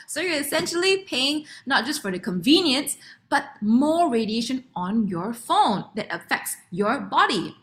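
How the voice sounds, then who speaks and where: A young woman with a Malaysian English accent giving a lively online sales presentation, chatty and quick to laugh, acting out what her customers say. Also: on the high side. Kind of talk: online product demo presentation.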